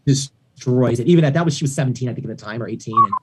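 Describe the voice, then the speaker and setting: A man, a record producer guest, chatting casually on a podcast and telling animated stories with acted-out quotes. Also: medium pitch, very fast, background noise. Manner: animated storytelling, acts out quoted voices.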